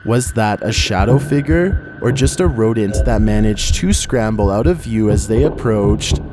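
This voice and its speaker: Low-voiced man narrating a spooky countdown. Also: lively intonation. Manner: measured, wry commentary. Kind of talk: scripted horror countdown narration. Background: background music.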